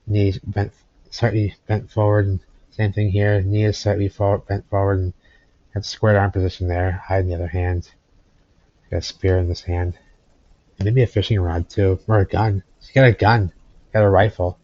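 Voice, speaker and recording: A man's voice: little pitch movement, moderate pace, a little mellow, dry recording. A man rambles through old photographs in casual commentary. He circles back and repeats phrases. The recording is dry and a little dull. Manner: rambling, repeats phrases, talks to his cat in a high cooing voice. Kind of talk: casual commentary over pictures. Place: indoors at home.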